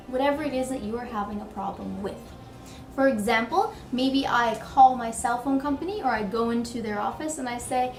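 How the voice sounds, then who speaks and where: A woman's voice: sits high, lively intonation, normal speed, roomy sound, soft background music, poor audio. A woman teaching polite ways to complain in English, acting out example complaints expressively. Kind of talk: scripted lesson with acted examples.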